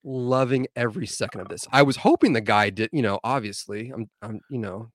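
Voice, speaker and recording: A man guesting on a podcast as a medic, telling a story in casual, animated chat with plenty of swearing. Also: mid-range voice, fairly quick, no echo, studio quality.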